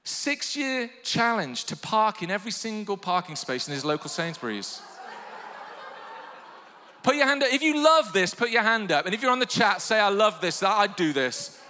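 A male pastor preaching with a high, bright voice. His delivery swings between quiet reflection and loud, fervent calls to the congregation, all carried on the long reverb of a church hall. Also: sing-song, moderate pace, a little hiss or hum. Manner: passionate preaching, rising to shouted calls to the online congregation. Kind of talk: sermon.

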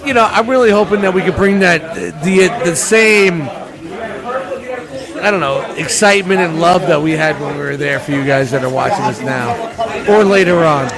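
A man hosting a casual chat, excited and laughing, with swearing. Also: high voice, moderate pace, a crowd in the background. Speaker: podcast host. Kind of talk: casual chat over event video.

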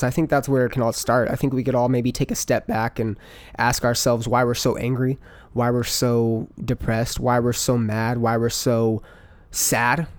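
A man's voice: mid-range voice, dry recording. A man talking in a casual monologue to listeners, rambling with lots of fillers and frequent swearing. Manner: rambling, profane, full of fillers.

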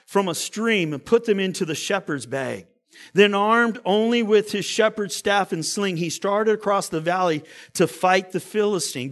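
A male pastor delivers a sermon in a high voice, taking his time over each phrase. He swings from loud, pressing emphasis to quiet, drawn-back asides.

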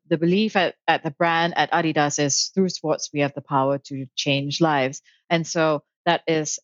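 A woman guest speaking in a thoughtful, measured way, with frequent ums and light laughs, about her career. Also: low-pitched, no echo, muffled recording. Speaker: interview guest, author and founder. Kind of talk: casual conversational interview.

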